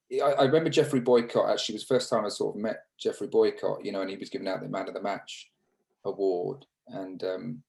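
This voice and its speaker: Man, low voice, gravelly, English, reminiscing interview guest, hesitant restarts, video call. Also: darkish tone, poor audio. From England. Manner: reminiscing, halting with restarts and fillers. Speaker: interview guest, former cricketer. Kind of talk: casual interview storytelling.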